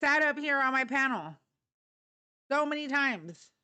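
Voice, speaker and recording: Middle-aged woman, live stream host, blunt, profane, fired up, slightly high voice. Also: animated, a little slow, pushed and bright. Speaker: livestream host. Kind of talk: live political talk stream.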